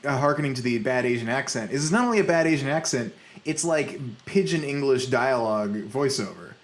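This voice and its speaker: A man co-hosting a podcast, chatting in an animated way and laughing often. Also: mid-range voice, fairly quick. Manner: animated, laughing, quotes lines in a mocking voice. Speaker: podcast co-host. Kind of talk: casual chat.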